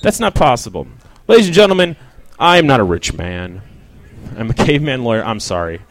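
Lively, rambling male stand-up comic. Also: mid-range voice, fairly quick, dry recording. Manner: rambling, self-deprecating, swears, riffs with the crowd. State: feeling sick. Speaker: stand-up comedian. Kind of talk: stand-up comedy set.

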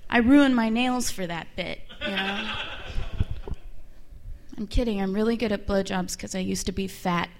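A young woman performing a bawdy, animated stand-up comedy set. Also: mid-range voice, normal speed, pauses often, noisy background.

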